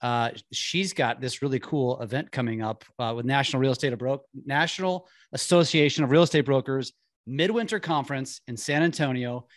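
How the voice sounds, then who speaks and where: A man hosting an interview, energetic, often restarting his sentences. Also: mid-range voice, brisk, no echo, clean studio sound. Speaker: host. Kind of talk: casual interview chat.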